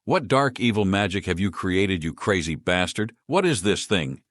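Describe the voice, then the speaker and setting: A man voicing an agitated young woman mage who yells and growls in a raised voice. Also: low voice, animated, moderate pace, dry recording, clean studio sound. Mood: furious. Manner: yelling, agitated. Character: furious young woman mage, shrill temper.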